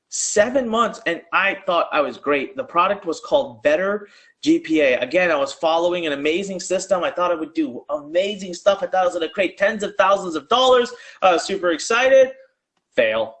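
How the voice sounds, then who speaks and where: A man with a high voice talks to a live online audience in a casual, slangy way. He pushes the viewers to type their answers in the chat and keeps a pressing, salesy rhythm. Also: normal speed, fairly bright tone. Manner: urgent and conversational, drives audience to type replies in chat. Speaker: online business coach. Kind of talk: live-streamed sales pitch.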